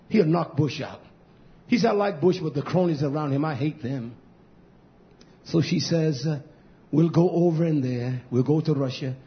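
A man preaching an impassioned sermon, swinging between low mutters and shouted outbursts, drawing out and repeating words for emphasis. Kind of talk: fiery sermon. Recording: dull lo-fi recording.

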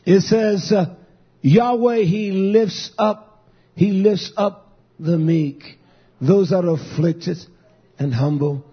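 A man preaching a sermon, exhorting his congregation and rising at times into shouts. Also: high voice, takes it slowly, breathy edge. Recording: dull lo-fi recording.

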